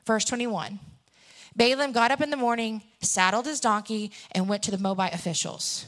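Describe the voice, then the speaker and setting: A woman's voice: on the high side, normal speed, fairly bright tone. A woman in her thirties preaching a sermon, telling stories and acting out the characters. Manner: storytelling, acts out characters.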